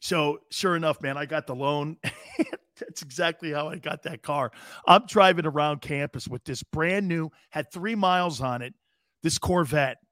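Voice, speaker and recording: A man's voice: on the high side, unhurried, fairly bright tone, no room sound, studio quality. A man in his fifties hosting a sports talk show, telling profane, laughing anecdotes in casual chat.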